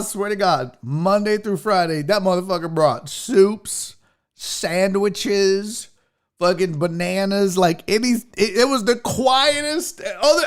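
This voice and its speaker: A man hosting a casual show, ranting comically and profanely about pet peeves while reading viewer comments. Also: sits high. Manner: profane, exasperated, animated storytelling. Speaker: show host.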